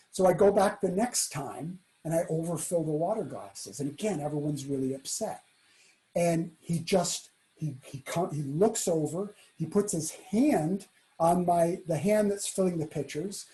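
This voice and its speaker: Man, storyteller, mellow dark voice, lively delivery, hushed quoted lines. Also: fairly high pitch, normal speed, rough recording. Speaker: keynote speaker. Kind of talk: storytelling talk.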